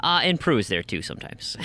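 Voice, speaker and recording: A man's voice: a little high, bright, forceful tone. A man hosting a casual podcast, chatty and joking as he reads out listener reviews and questions. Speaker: podcast host.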